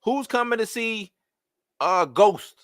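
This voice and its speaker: Live-stream host, man, bright high voice, exasperated rhetorical rant, dry close sound. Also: slow pace, no room sound. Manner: animated, rhetorical questions, exasperated. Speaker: host of a live movie-news show. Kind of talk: casual live-stream commentary.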